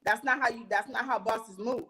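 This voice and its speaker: A woman's voice: on the high side, moderate pace, pushed and bright, low-quality recording. A young woman animatedly telling a profane story about a fight, acting out the arguments with emphatic, heated delivery. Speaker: reality TV cast member telling a story.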